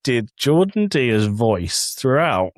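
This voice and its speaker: A man's voice: medium pitch, sing-song, takes it slowly, no echo. A young English man co-hosting a podcast, telling a story in a joking way and laughing often. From England. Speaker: podcast co-host. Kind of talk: casual chat. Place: home office.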